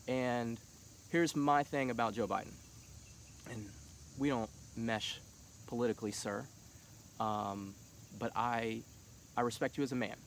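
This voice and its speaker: A man's voice: medium pitch, a little hiss or hum. A man in his thirties giving an earnest casual monologue as a vlogger, at times getting heated as he urges his point. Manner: earnest, rising to heated urging.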